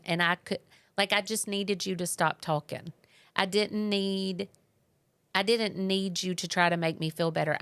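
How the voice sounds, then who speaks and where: A woman shares a personal story on her podcast in an earnest, conversational tone. Her voice sits low and has a gravelly texture. The sound is close and dry. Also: fairly bright tone, no room sound. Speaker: podcast co-host. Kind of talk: casual marriage podcast talk.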